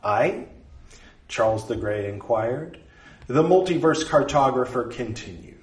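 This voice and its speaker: A man narrating a story in a measured, expressive reading. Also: mid-range voice. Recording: roomy, distant mic.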